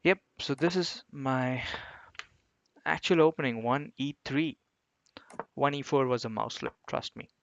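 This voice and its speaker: A man's voice: medium pitch, a little slow, vocal fry, fairly bright tone, dull audio. A man streaming online chess games, chatting with his viewers and poking fun at his own blunders. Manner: chatty, talks to viewers, self-mocking about his blunders. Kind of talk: live commentary while playing online chess.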